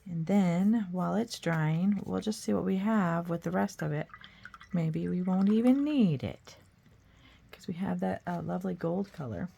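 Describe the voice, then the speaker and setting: Middle-aged lady rambling thru a craft tutorial, kinda gravelly, a bit low, pokes fun at herself. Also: lively intonation, a little slow, dark tone. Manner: chatty, rambling, self-deprecating. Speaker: art tutorial host. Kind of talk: casual crafting tutorial chat.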